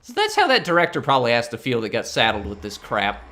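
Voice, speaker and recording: A man hosting a game video, ranting in an animated, incredulous way. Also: medium pitch, fast, slight background noise. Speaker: gaming channel host. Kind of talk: casual let's-play rant.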